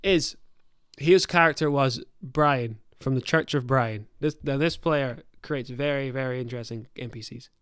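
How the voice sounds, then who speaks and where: A young man hosting a casual podcast, retelling a tabletop session in a loose, rambling way with plenty of swearing and restarts. His voice is smooth and clean, and it sits close and dry with almost no room sound. His pitch lands in an ordinary middle register. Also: moderate pace, a bit bright, dry recording. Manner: rambling, profane storytelling with many self-corrections. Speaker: podcast host and game master.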